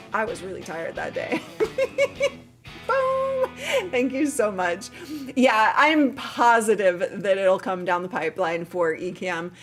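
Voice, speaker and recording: A woman's voice: mid-range voice, creaky, fairly bright tone. A woman hosting a casual live Q&A stream, sounding tired but chatty and upbeat, laughing often and trailing off into fillers. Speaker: livestream host.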